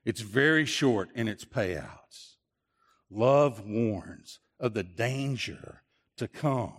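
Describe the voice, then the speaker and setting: A man's voice: mid-range voice, expressive, extremely slow, big-room sound. A man pastor preaching a sermon, earnest and repetitive, often restarting his phrases. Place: church.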